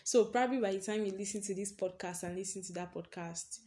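Talking fast in a mellow, medium-pitched voice, she hosts her own podcast and rambles casually through a personal story, laughing a lot and saying "basically" over and over.

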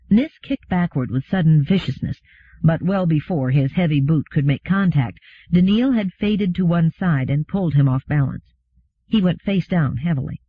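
A man narrating an audiobook in a steady, even reading. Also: on the high side, normal speed, husky, dry recording. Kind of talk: scripted narration. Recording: phone-like narrow sound.

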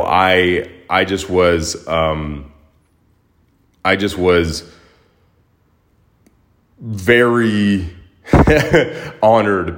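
Deep-voiced man telling a rambling story. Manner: rambling, filler-heavy, animated when retelling. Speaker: podcast host. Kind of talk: casual storytelling monologue.

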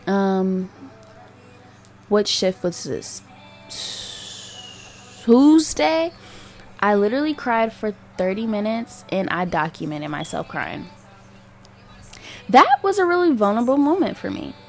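A woman's voice: mid-range voice, very animated, takes it slowly, long pauses, darkish tone, soft background music. A young woman hosting her own podcast, talking candidly and rambling with lots of fillers and swearing. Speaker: podcast host. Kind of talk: casual solo podcast monologue.

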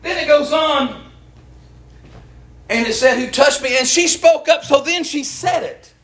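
Middle-aged preacher, very high voice, folksy, impassioned call-and-response sermon, roomy echo. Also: male voice, measured pace. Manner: impassioned, rising to shouts, folksy. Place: church.

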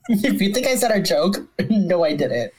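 A woman co-hosting a podcast, recapping a TV episode in casual, dry, deadpan chat. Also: medium pitch, slow pace, a little hiss or hum, rough recording. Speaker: podcast co-host.

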